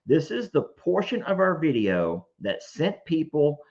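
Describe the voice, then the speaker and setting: A man hosting a casual live show, telling stories in an animated way, often laughing. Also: on the high side, unhurried. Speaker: host. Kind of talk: casual livestream chat. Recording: dull lo-fi stream audio.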